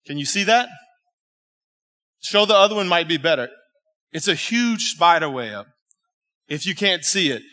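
A male pastor preaching a sermon in a church, telling a story in an animated, emphatic way and talking directly with the congregation. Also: fairly high pitch, unhurried, pauses often. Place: church sanctuary.

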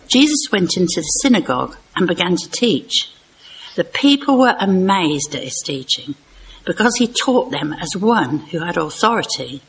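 A woman reading a Bible passage aloud in a church service, slowing down for the spoken quotes. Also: on the low side, fairly bright tone, a little hiss or hum, rough recording. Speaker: scripture reader.

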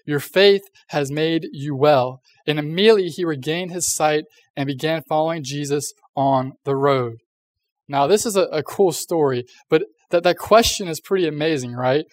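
A man's voice: fairly high pitch, no echo. Chatty young man preaching to youth. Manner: chatty, filler-heavy, acts out voices. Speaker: youth pastor. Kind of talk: casual youth sermon.

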